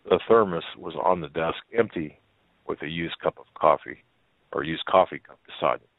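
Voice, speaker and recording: A male talk show host reads a story aloud in a folksy, halting way, full of fillers and restarts. His voice sits very low, and the sound is dry and squeezed into a narrow, phone-like band. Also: no echo.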